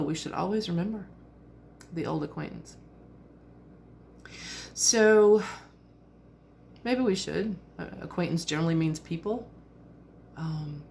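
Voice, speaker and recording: A woman in her fifties talks to camera in a chatty, reflective way. Her voice sits low with a gravelly edge, and a faint hiss of noise runs behind her. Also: a little mellow. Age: 50s. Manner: chatty and reflective, with frequent fillers and laughs. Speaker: vlogger. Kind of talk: casual reflective monologue.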